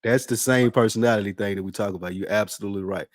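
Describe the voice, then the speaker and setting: A man co-hosting a podcast in casual chat, telling stories with animated, indignant outbursts. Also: fast talker, dry recording, clean studio sound. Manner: animated storyteller, jumps high when indignant. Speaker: podcast co-host.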